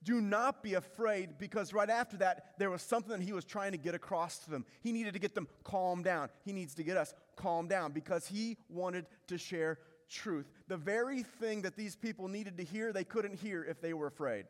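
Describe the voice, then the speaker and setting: Male pastor, high voice, sermon, repetitive emphatic preaching, long hall reverb. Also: normal speed, few pauses. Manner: preaching with repetition and rising intensity.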